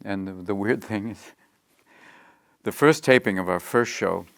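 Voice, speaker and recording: A middle-aged man being interviewed, telling animated stories and jumping into quick voices. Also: on the low side, creaky, dry recording, studio quality. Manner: animated, slips into quick character voices mid-story. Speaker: interview guest, comedian. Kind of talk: anecdotal interview storytelling.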